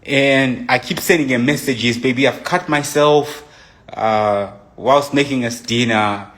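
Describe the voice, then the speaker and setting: A young man giving an emotional personal account, animated, acting out his own messages as he retells them. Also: mid-range voice, a little slow. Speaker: storyteller.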